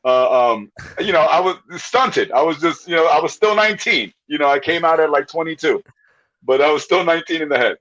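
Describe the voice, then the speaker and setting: A man's voice: fairly high pitch, brisk, a bit bright. A young man, a comedian, chatting casually as a podcast guest, rambling and swearing, with many restarts. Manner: rambling, profane, frequent restarts and laughs. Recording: slightly muffled lo-fi audio.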